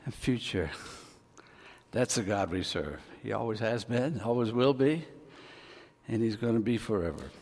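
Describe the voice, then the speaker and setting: A male pastor preaching a sermon in a folksy way, joking with the congregation and swelling his voice for emphasis. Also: medium pitch. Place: church hall. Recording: long hall reverb.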